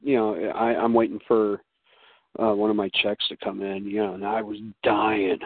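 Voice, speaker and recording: A man, a guest on a casual talk show, telling animated stories and jumping high in pitch for quoted voices. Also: normal speed, no room sound. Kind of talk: casual chat. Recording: tinny phone-like sound.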